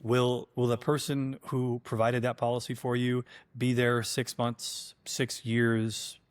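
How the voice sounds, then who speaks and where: Measured co-host, male, mid-pitched, dry wit. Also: level tone, clear, resonant tone. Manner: measured, reasoning aloud, dryly sarcastic. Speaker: life insurance agent, co-host. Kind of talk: casual podcast conversation.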